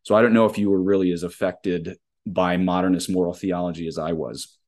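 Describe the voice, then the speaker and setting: Low-voiced priest hosting an interview. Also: male voice, steady tone, brisk, a little mellow. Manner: earnest, explains at length with rising emphasis. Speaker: podcast host, Catholic priest. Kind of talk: conversational interview.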